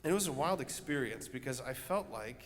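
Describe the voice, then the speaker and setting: A young adult male parish priest with a mid-range voice delivers a homily in a large church, speaking animatedly and fairly quickly. He tells a story conversationally, with lots of fillers and restarts, and the recording has church reverb and faint ambience.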